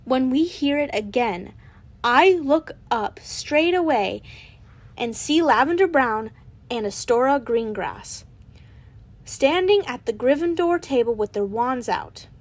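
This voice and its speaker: A woman's voice: sits high, animated, slow. A young woman reading a fanfiction story aloud in a casual way, with small slips and restarts. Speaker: fanfiction reader.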